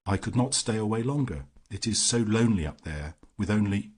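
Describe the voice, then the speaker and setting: A man's voice: lowish voice, expressive, brisk, a little mellow, a little hiss or hum, close to an everyday voice. A man reading as a lonely, distraught young Greek woman who pleads. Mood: pleading.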